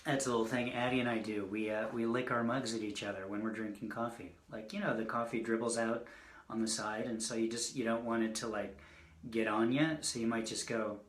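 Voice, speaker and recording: A man's voice: on the low side, level tone, brisk, roomy sound. A man giving a casual poetry reading, rambling and joking between poems. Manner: rambling, self-deprecating asides between poems. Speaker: poet reading his work. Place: indoors, online reading.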